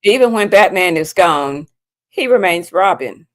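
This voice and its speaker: A woman's voice: fairly low pitch, animated, a little slow, dry recording, clean studio sound. Teasing woman in sports banter. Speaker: sports show co-host. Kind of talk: casual sports talk.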